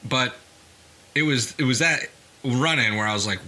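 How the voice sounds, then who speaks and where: A man's voice: medium pitch, animated, moderate pace, pushed and bright, slight background noise. A young adult man, a farmer hosting his own podcast, telling stories in a chatty way with jokey asides. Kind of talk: casual podcast monologue.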